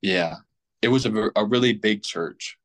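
A man's voice: lowish voice, measured pace, fairly bright tone. A young man in his twenties, a podcast guest rambling casually with plenty of fillers and restarts. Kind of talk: casual chat.

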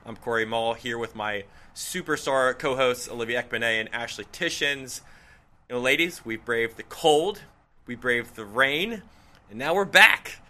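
A man hosting a track and field podcast, upbeat and energetic. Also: mid-range voice, moderate pace. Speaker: podcast host. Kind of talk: sports podcast chat.

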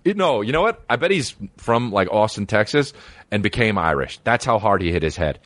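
A man's voice: on the low side, expressive, brisk, fairly bright tone, no room sound. A young man reacting to videos in rambling, profane casual commentary, full of stammered restarts.

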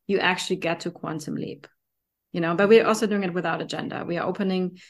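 A woman's voice: on the low side, fairly even intonation, quick pace. A woman with a German accent, hosting a podcast in casual, enthusiastic chat with frequent fillers. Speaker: podcast host.

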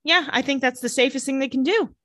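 A woman co-hosting a casual chat, retelling scenes and quoting characters in quick voices. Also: sits high, pushed and bright, dry recording. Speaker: podcast co-host recapping a TV episode.

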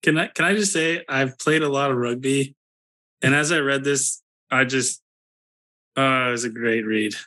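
A man co-hosting a casual podcast, talking in a halting, jokey way. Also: mid-range voice, pushed and bright. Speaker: podcast co-host.

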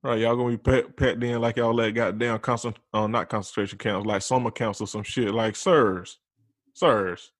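A man's voice: medium pitch, flat delivery, brisk, hardly any pauses. A man co-hosting a casual show recap, agreeing emphatically and tossing in snappy, profane quips. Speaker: podcast co-host. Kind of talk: casual reality-TV recap chat.

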